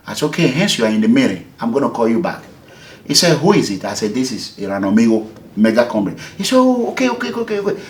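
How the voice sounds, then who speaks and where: A Nigerian man with a lively, swooping voice tells his story in an interview, acting out the back-and-forth of each exchange. The voice carries a noticeable room echo. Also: mid-range voice, slight background noise. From Nigeria, Edo State. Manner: animated, emphatic, acts out the dialogue. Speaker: activist, movement leader. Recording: echoey room.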